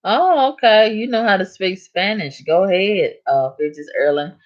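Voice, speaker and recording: A woman hosting a casual live stream, chatting with viewers and answering their comments in relaxed vernacular speech. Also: mid-range voice, moderate pace. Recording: dull lo-fi stream audio.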